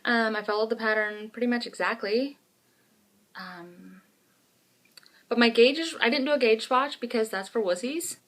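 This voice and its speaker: A woman's voice: a little high, moderate pace, long pauses. A woman, co-hosting a podcast in frank, self-mocking casual chat. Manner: chatty, animated storyteller, frank and self-mocking. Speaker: podcast co-host.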